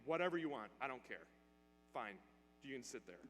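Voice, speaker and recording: A man's voice: mid-range voice, sing-song, normal speed, fairly bright tone, voice pushed down. A male preacher voicing a bitter, dying old man who speaks angrily and then wearily, heard with long church reverb. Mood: dismissive. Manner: angry, then weary and defeated. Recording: church hall reverb, faint hum.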